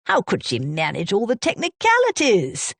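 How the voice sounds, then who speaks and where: Woman voicing a tactful, courteous gentleman. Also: medium pitch, huge pitch swings, normal speed, vocal fry, slightly rough, no room sound, heavily acted. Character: courteous, tactful middle-aged Englishman.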